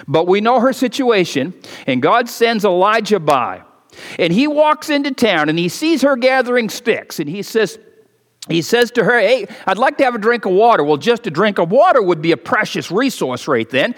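High-voiced man preaching in a reverberant church. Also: sing-song, moderate pace. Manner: conversational preaching, voice rising and dropping for emphasis. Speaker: pastor. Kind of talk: sermon. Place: church sanctuary. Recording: long hall reverb of a church.

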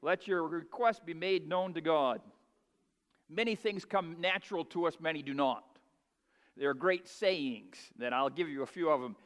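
A man preaching a sermon in a folksy way, building to loud, emphatic peaks. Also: on the high side, normal speed, long reverb tail. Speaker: pastor.

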